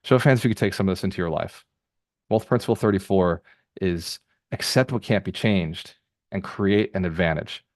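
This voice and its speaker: A man hosting a group call as a real estate mentor, giving an energetic motivational talk with rapid, repeated phrases. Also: deep voice, no echo, clean studio sound.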